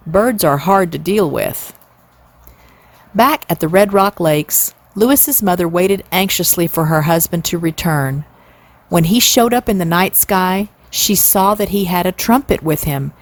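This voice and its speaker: A woman in her sixties reading a classic children's novel aloud, expressive and playing up the sound words. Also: fairly low pitch, measured pace. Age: 60s. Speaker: storyteller.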